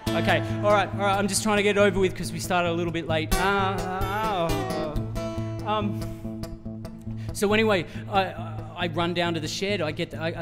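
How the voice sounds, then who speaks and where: Recorded in a reverb-heavy concert hall, this high-pitched Australian singer-songwriter talks over music at normal speed with fairly even intonation. Between songs he tells the audience a long, self-deprecating comic story that rambles with many fillers and restarts.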